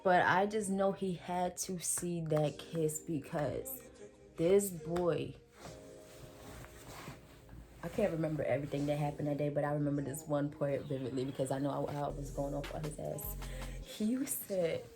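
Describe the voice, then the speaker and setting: A woman in her twenties telling a storytime vlog in animated, slangy casual talk full of fillers. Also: deep voice, moderate pace, soft background music. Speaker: vlogger.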